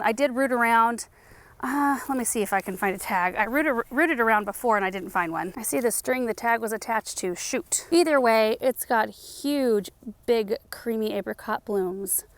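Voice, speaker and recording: A young woman gives a chatty, enthusiastic garden tour outdoors, thinking out loud as she moves from bed to bed. Her voice sits a little high and comes through smooth and clear, with a dry, close sound and no room echo. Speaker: gardening channel host. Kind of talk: casual garden tour vlog.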